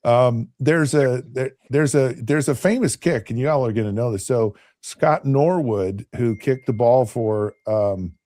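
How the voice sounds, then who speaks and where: A man in his fifties with a relaxed, mellow tone tells a long story in a loose, chatty way, often circling back and restarting his sentences. The sound is close and dry, with no room around it. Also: medium pitch, a little slow, hardly any pauses, dry recording. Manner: rambling, with frequent restarts and repeated words. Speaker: podcast host and former NFL quarterback. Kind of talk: casual anecdotal storytelling.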